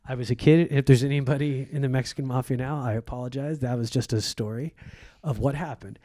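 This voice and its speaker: A male comedian from Egypt, guesting on a show, relates childhood anecdotes vividly in conversation and mimics the voices of those he quotes. He talks fast but keeps a steady tone, his mid-range voice mellow, and the recording carries no room sound.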